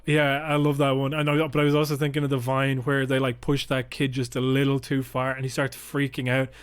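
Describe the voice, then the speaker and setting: A man co-hosting a casual political podcast, speaking close into his microphone. He rants with plenty of swearing and slips into quick, high mocking impressions of politicians. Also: monotone, clear, resonant tone. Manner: sweary, heated, mimics politicians with sharp pitch jumps. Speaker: podcast co-host. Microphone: podcast microphone close to mouth.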